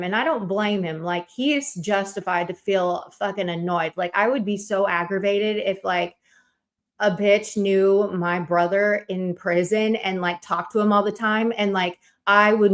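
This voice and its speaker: Woman, livestream guest, casual rambling, many fillers, laughs often, mid-pitched.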